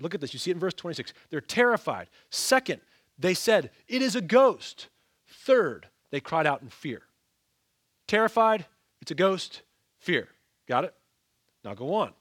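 Expressive preacher man, fairly high voice. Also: a little slow, no echo, studio quality. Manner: expressive, rhetorical questions to the congregation, sudden soft drops. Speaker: pastor. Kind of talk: sermon.

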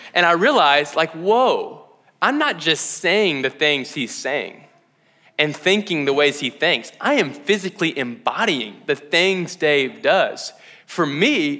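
A young man giving a sermon as a pastor, talking casually with lots of slang, asking "right?" and using many "like"s. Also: on the high side. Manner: casual, animated, slangy preaching with frequent "like" and "right?". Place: church hall. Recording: reverberant hall.

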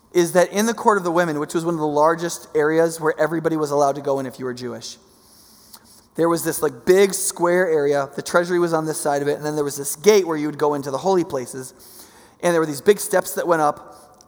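A man preaching a sermon, teaching in a casual, animated way with many fillers. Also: a little high, fairly quick, long reverb tail.

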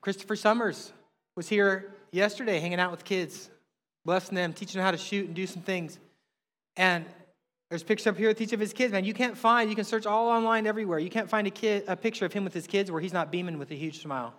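Man, middle-aged, pastor, conversational sermon, emphatic, high voice, long hall reverb. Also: fast talker. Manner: animated, conversational preaching with emphatic rises.

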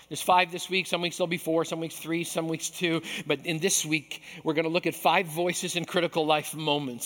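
A man preaching as pastor, animated and acting out voices from the story. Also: a little high, long reverb tail. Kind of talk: sermon.

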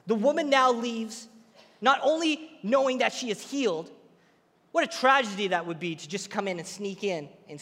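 A man preaching a sermon, retelling a story with lively, acted-out quotes. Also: high voice, in a large hall.

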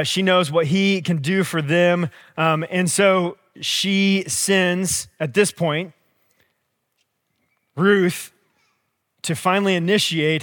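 Pastor, young adult man, high voice, chatty storytelling sermon, hall echo. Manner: conversational storytelling, animated asides. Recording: long hall reverb.

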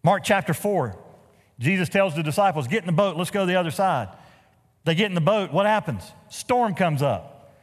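A man's voice: high voice, normal speed, big-room sound. A man preaching a sermon as pastor, telling stories with humorous asides. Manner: animated storytelling with humorous asides. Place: church sanctuary.

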